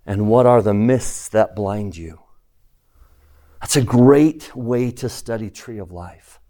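Guy giving a scripture lesson, talks slow, keeps quizzing the class and repeating himself. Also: fairly low pitch, mellow. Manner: asks the class questions, repeats phrases for emphasis. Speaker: religion teacher.

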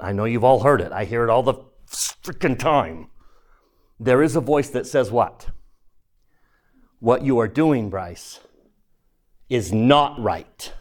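A religious teacher with a medium-pitched voice leads a class through a devotional lesson. He speaks slowly and deliberately, sometimes dropping to a hushed near-whisper for emphasis.

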